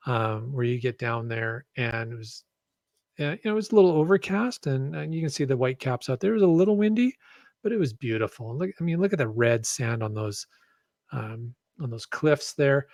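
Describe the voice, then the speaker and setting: A man's voice: medium pitch, lively intonation, a little fast, a little mellow, no echo. Man rambling with many ums. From Canada. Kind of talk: casual podcast chat.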